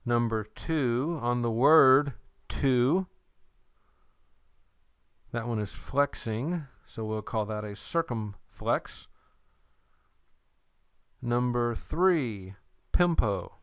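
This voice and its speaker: A man lectures in a slow, unhurried way, his voice smooth and resonant. He explains patiently and slips in playful memory tricks, recorded close and dry with no room sound. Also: mid-range voice, expressive, dry recording. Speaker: Greek teacher.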